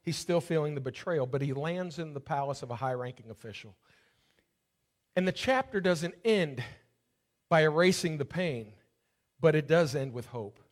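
High-voiced man preaching a sermon. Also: expressive, normal speed. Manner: storytelling, swelling to fervent preaching. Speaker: pastor.

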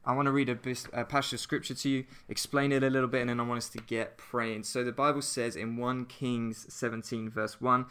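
A man's voice: mid-range voice, fairly quick, hardly any pauses, smooth. A man hosting a church podcast, giving an earnest, conversational devotional talk that leads into prayer. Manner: earnest, conversational, animated retelling.

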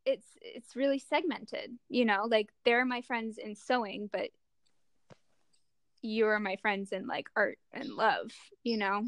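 A young woman in casual chat, halting and searching for words as she talks. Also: medium pitch, fairly bright tone, dry recording.

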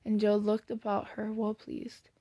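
A woman reading a classic novel aloud in plain, steady storybook narration, now and then correcting a slipped word. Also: medium pitch, measured pace, husky, no echo. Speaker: audiobook reader.

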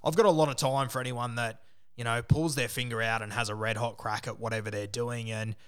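A man's voice: medium pitch, fairly even intonation, fairly quick, a bit bright, smooth. An Australian man chatting casually in a home studio, friendly and encouraging, wrapping up an interview.

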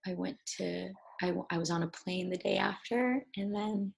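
A young woman actor in an interview, telling a personal story in a halting way with many restarts, at times tearful with her voice breaking. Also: on the low side, creaky, husky. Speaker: actor guest.

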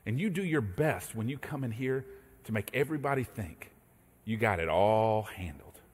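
Animated male pastor preaching in an echoey hall. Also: on the low side, moderate pace, husky. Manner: animated storytelling, acting out voices. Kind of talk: sermon.

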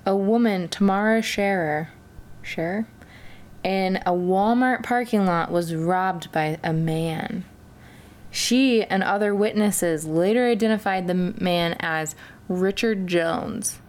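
A woman's voice: mid-range voice, takes it slowly. A woman hosting a casual true-crime podcast, swearing freely and acting out the people in her stories. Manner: profane, animated storytelling, acts out quoted people. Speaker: podcast host.

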